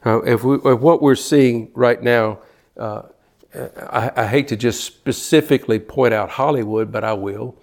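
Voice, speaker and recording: A man's voice: mid-range voice, a little slow, vocal fry, darkish tone. An older man preaching a sermon, fervent, often repeating words as he builds to a point. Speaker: pastor.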